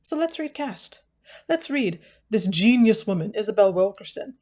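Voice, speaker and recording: A woman's voice: mid-range voice, animated, normal speed, darkish tone. A woman hosting a book channel, chatting casually to camera, tired and self-mocking. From United States.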